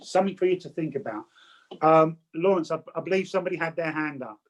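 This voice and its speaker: A man's voice: a little high, fast, low-quality recording. A man from England, a spiritualist medium, teaching a group over a video call with chatty anecdotes and frequent stammered restarts. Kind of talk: online teaching talk with anecdotes.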